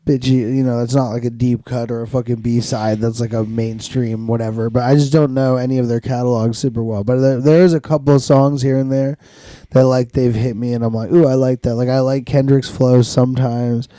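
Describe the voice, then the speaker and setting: A man's voice: mid-range voice, fairly even intonation, brisk, hardly any pauses, dark tone, no room sound, clean studio sound. A man co-hosting a podcast in casual chat, rambling and swearing a lot, laughing often. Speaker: podcast co-host.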